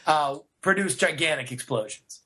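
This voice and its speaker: A man co-hosting a podcast, reading news out loud with wry asides in a casual chat. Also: fairly high pitch, normal speed. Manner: wry, reads out news quotes with running asides. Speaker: podcast co-host.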